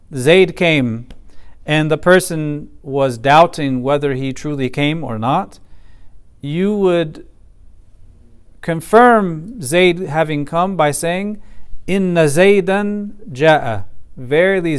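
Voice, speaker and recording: A man giving a class lecture in a somewhat high, smooth and clear voice. He explains methodically, leans on key points and recites Arabic phrases along the way. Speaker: teacher of a Quran commentary class.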